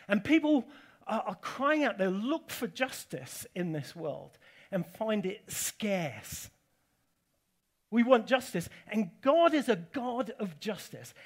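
A man from England delivers a sermon with a fairly high voice. He preaches emphatically, swinging between forceful declarations and casual, conversational asides to his listeners in a church hall.

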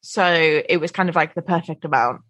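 Woman, podcast co-host, lower voice, easygoing, dry close mic. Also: brisk, husky, dry recording. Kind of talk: casual chat.

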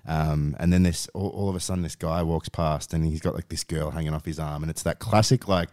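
A man's voice: rumbling low, steady tone, fairly quick, darkish tone, dry recording, studio quality. A young Australian man co-hosting a podcast, laid-back and laughing often as he tells a story. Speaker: podcast co-host. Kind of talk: casual chat.

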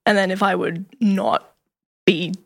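A young woman in casual podcast chat, talking fast and loosely, often saying "like" and acting out quotes. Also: mid-range voice, steady tone, gravelly. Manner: chatty, heavy use of "like", acts out quotes.

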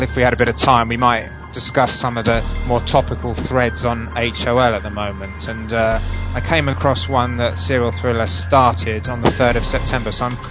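A man reads out a listener's post with a mock-grave, theatrical delivery. His voice sits at an everyday middle pitch. The sound is lo-fi and slightly dull, with clear music playing underneath. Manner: theatrical, drawn-out comic reading. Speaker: co-host reading a forum post. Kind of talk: casual radio chat, mock-serious reading.

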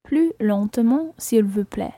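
A woman with a mellow, slightly raised voice works through a language lesson, carefully repeating each phrase after her teacher. The recording is dry and close. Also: fairly high pitch, expressive, measured pace, no room sound. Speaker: learner.

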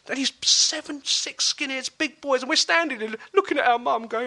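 A man, a podcast guest telling a story in casual chat, animated and laughing often. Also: sits high, fairly quick. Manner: animated, acts out quoted voices, laughs often.

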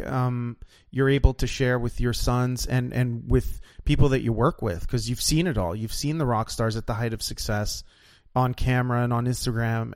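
A man hosting an interview, asking measured, reflective questions and sharing his own experience. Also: mid-range voice, vocal fry, a little mellow, no echo, clean studio sound. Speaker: podcast host. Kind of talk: conversational interview.

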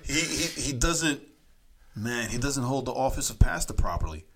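A man's voice: mid-range voice, lively intonation, moderate pace, breathy edge. A man co-hosting a podcast in loose, casual chat, laughing often and repeating words as he finds his point. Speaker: podcast co-host.

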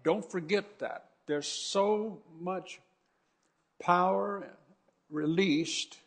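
Gravelly, husky preaching man. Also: high voice, drawn-out words. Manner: fervent, repetitive preaching with frequent restarts. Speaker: pastor. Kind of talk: sermon.

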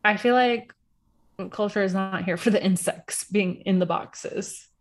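A woman with a frank, animated manner, chatting casually about a reality show and swearing freely. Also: medium pitch, a little slow. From Puerto Rico.

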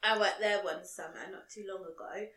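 A woman's voice: medium pitch, steady tone, moderate pace, fairly bright tone. A young woman co-hosting a podcast, chatting casually and swearing now and then. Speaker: podcast co-host. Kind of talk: casual chat. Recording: echoey room.

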